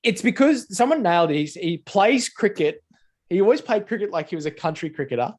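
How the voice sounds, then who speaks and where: A man's voice: sits high, lively intonation, a little fast, a little mellow. A man co-hosting a casual podcast chat, rambling and sweary with lots of filler words. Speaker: podcast co-host. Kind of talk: casual chat over beers.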